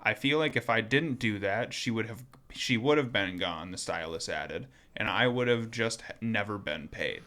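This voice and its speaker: A man's voice: lowish voice, expressive, moderate pace, hardly any pauses, sharp tone. A man co-hosting a casual talk show, reading a news article aloud with many ums and joking asides. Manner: reads with many ums, stops to joke. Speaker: podcast co-host.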